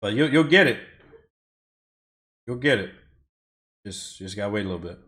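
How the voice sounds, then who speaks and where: Chatty streamer man, lively low voice. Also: moderate pace. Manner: rambling, swears often, talks back to chat. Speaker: streamer doing racing time trials. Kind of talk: casual live-stream chat while driving. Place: home, at a racing setup.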